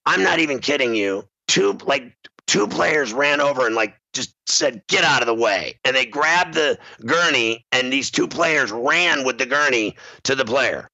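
A man hosting sports talk, telling a rambling story in an animated way and laughing often. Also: medium pitch, a little slow, gravelly, no room sound, muffled recording.

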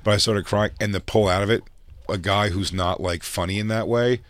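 A man's voice: on the low side, steady tone, fairly quick, dry recording. A man co-hosting a comedy podcast, rambling through crude stories and jokes in casual banter.

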